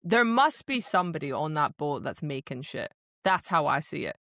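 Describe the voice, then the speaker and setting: A woman's voice: deep voice, sing-song, moderate pace, fairly bright tone, no echo, studio quality. A woman co-hosting a book podcast, chatting bluntly and casually, with the odd swear word.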